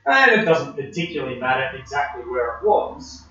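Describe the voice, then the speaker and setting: A man's voice: medium pitch, very animated, normal speed, sharp tone. A man preaching a sermon in a conversational way, with frequent hesitations and fillers. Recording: distant, dull, very echoey room.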